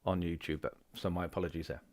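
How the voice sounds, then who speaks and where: A man hosting a live stream, quickly chiming in with short remarks and apologies. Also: low voice, little pitch movement, crowd noise. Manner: quick, brief interjections. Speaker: stream host. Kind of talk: casual live-stream chat.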